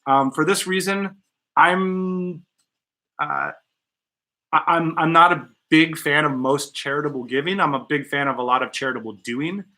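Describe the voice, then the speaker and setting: A male podcast host with a bright, somewhat high voice. He talks bluntly and jokingly in a relaxed studio chat, swearing now and then. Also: normal speed.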